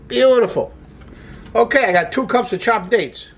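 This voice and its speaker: A man's voice: very high voice, normal speed, husky. Chatty man cooking and explaining. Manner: chatty, upbeat, talks while working. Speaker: cooking show host. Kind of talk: casual cooking demonstration. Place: home kitchen.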